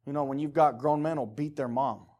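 A man's voice: medium pitch, steady tone, fairly quick, a little mellow. A middle-aged man preaching a casual sermon, talking conversationally and emphatically and acting out the voices he quotes.

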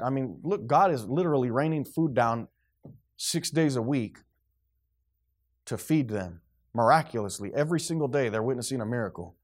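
A man's voice: medium pitch, lively intonation, a little fast, a little mellow. A man preaching a sermon, building up with rhetorical questions and acted-out quotes. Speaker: pastor.

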